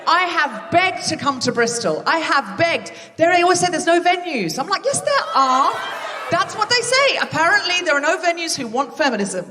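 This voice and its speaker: A woman's voice: extremely high pitch, expressive, normal speed, few pauses, long reverb tail, distant mic, a crowd in the background. A woman hosting a live comedy podcast on a theatre stage, chatty and self-mocking as she banters with the audience. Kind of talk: live stand-up hosting with crowd work. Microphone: stage microphone.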